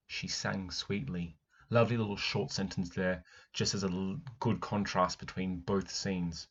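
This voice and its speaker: A man's voice: low voice, flat delivery, moderate pace, slightly rough, muffled recording. A male primary teacher, reading a picture book aloud and stopping to explain it. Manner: reads passages aloud, then breaks off to explain. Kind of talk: read-aloud book analysis.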